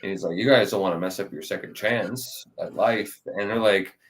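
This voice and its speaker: A man co-hosting a podcast, retelling anime scenes in casual chat and acting out the characters' lines in loud, squeaky voices. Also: normal speed. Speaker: podcast co-host.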